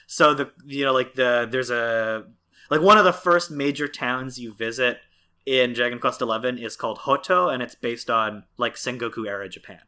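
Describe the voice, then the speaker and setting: A man co-hosting a podcast in an easy, casual way, his voice bright and forward. He rambles, circles back and fills gaps with filler words as he explains. Mid-range pitch. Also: normal speed, clear, resonant tone. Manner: rambling, many fillers and restarts. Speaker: podcast co-host. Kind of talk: casual chat.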